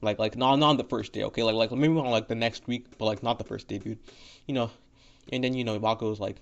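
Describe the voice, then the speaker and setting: A man's voice: mid-range voice, fairly even intonation, fast, gravelly. Guy rambling thru a fan story, swears a lot, tons of "you know", mid voice, muffled lo-fi audio. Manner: rambling, profane, full of fillers and restarts. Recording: dull lo-fi audio.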